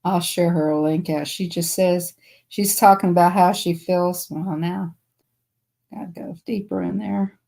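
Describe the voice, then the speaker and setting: A woman's voice: fairly low pitch, steady tone, unhurried, gravelly, warm tone. A woman with a Southern US accent chatting casually on a live stream, telling stories to her viewers and laughing often.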